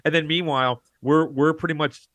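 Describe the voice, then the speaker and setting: A man co-hosting a podcast, telling a rambling, animated story in casual chat. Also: fairly high pitch, fairly quick, no room sound. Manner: rambling, animated, acts out quoted lines. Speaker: podcast co-host.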